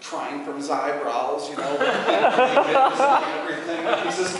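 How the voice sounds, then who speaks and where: A man tells a standup story in a chatty, animated way, full of fillers. His voice runs high and swings widely. He sounds distant in a long-reverb hall with a crowd audible. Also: normal speed, few pauses. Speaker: comedian. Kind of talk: standup comedy. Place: coffee house event. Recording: echoey hall from far off, crowd.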